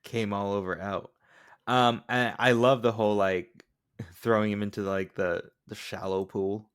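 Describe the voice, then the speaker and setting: A man's voice: fairly low pitch, fairly even intonation, unhurried, a bit bright, clear, resonant tone. A young man co-hosting a casual film review podcast, joking and laughing often. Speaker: podcast co-host.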